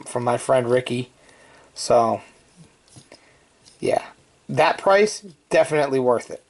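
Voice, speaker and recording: Casual male toy reviewer, chatty and joking, mid-range voice. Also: medium pitch.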